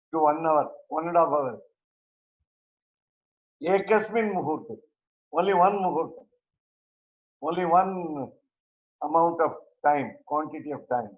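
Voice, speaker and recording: Slow, halting man teaching scripture. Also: a little high. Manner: slow, halting, with many pauses and fillers. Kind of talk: verse-by-verse scripture class. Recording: roomy, dull lo-fi recording.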